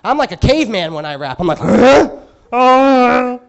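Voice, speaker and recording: Lively, high-voiced ranting stand-up comic. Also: male voice, very fast, dull audio. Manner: exasperated ranting, crude and sarcastic. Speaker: stand-up comedian. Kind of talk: stand-up comedy set. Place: comedy club stage.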